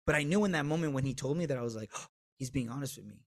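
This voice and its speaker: A man in his thirties, a podcast guest telling a candid personal story with swearing, swinging between loud and hushed. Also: mid-range voice, quick pace.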